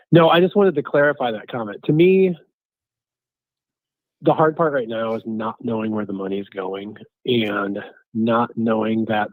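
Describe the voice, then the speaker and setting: A man's voice: fairly low pitch, no room sound. A man calling in to a podcast with an earnest, plain-spoken comment over a phone line. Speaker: caller.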